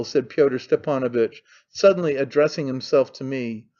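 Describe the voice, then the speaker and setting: A man reading a classic novel aloud as audiobook narrator, in measured storytelling. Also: medium pitch, mellow, dull audio.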